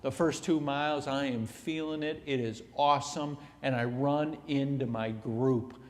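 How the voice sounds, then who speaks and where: Male motivational speaker, animated storytelling, unhurried pacing, conference-hall reverb. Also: medium pitch. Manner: emphatic and animated, swings between loud and hushed. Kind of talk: storytelling keynote speech.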